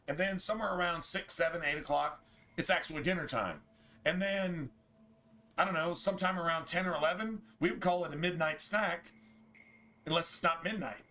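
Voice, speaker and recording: A man talking off the cuff while streaming a game. His voice is bright and forward, and he rambles from point to point with plenty of cursing. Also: a little high. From United States. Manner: rambling, profane, opinionated. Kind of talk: casual livestream chat.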